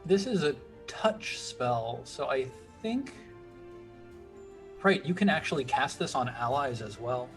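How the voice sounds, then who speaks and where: A man acting as game master of a tabletop game, upbeat and quick with affirmations. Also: mid-range voice, animated, fairly bright tone, faint music behind.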